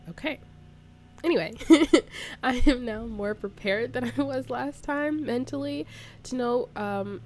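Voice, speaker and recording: A young woman talking casually as a vlogger, telling a story in a chatty, animated way and laughing often. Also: medium pitch. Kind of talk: casual storytime while playing a building game.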